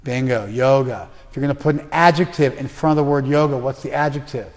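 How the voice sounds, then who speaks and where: A man leads an interactive scripture class with a mid-pitched voice, firing questions at students by name. He pushes them hard and teases them without holding back. His voice carries a long reverb from the room. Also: brisk. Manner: blunt, teasing, calls on students by name. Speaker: Bhagavad Gita teacher.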